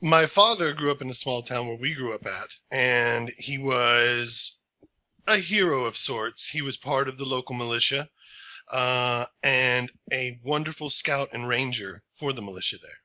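A man voicing a reserved half-elf male ranger in a tabletop role-play, speaking in an earnest, measured way. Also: mid-range voice, sharp tone.

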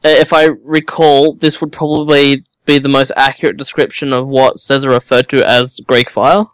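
A man playing a tabletop game, asking the game master questions in a measured way. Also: medium pitch, little pitch movement, a bit bright, clean tone, no echo. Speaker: player.

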